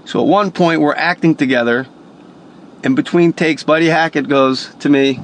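A man's voice: a little high, normal speed, a little hiss or hum. Punchy, profane male storyteller. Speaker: storyteller, voice actor. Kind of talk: casual motivational storytelling.

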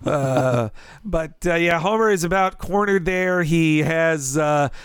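A man's voice: on the high side, takes it slowly, smooth, no echo, studio quality. A man hosting a podcast, chatting casually and laughing often. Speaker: podcast host. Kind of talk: casual chat.

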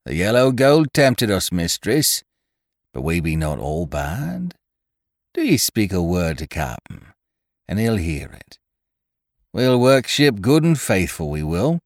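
A man's voice: low-pitched, big pitch swings, a little slow, dry recording, studio quality. A man voicing a pleading male pirate mutineer who talks in a rustic sailor's dialect.

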